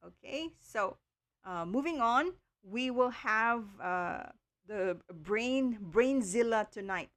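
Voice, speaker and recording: Slow, careful woman tutor. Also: on the high side, lively intonation, a bit bright. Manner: slow, careful explaining with frequent okays and ums. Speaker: online tutor. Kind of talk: livestream lesson.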